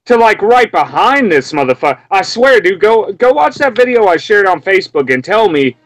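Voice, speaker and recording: A young man from Memphis ranting in a casual, profane way, breaking into high mocking yelps as he acts out what he heard. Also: very animated, normal speed, fairly bright tone, no echo, low-quality recording. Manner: heated, profane, mimics screams in sudden high yelps.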